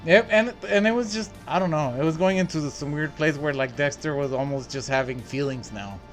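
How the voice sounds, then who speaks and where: Man, podcast co-host, from El Paso, laid-back, swears often, higher pitch, faint music. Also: a little fast. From El Paso, Texas. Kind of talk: casual chat.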